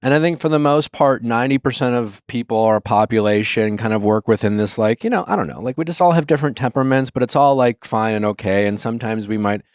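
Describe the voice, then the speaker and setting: A man hosting a podcast, chatting casually and giving advice to a caller, with lots of fillers and quiet trailing asides. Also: medium pitch, fast talker, hardly any pauses, clear, resonant tone, no echo, studio quality. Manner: conversational, hedging with fillers, trails off quietly when quoting.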